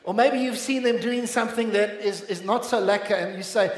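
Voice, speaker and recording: A South African man with a fairly high voice preaches a sermon, earnest and direct, and keeps calling for responses from the room. The sound carries the echo of a church hall. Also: normal speed, a little hiss or hum. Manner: earnest preaching, calls out to the congregation. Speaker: pastor.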